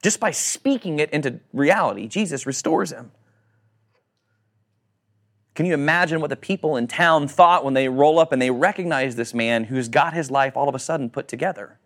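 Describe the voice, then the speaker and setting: Guy preaching to his church, kinda high voice, gets animated, asks the room questions. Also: normal speed. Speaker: pastor. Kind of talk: sermon.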